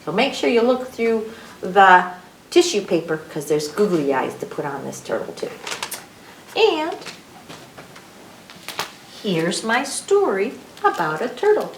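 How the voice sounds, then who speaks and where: A woman librarian reading alphabet rhymes to young children in a slow, sing-song way, sounding out each letter, recorded from a distance in an echoey room. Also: medium pitch, sing-song, a little hiss or hum.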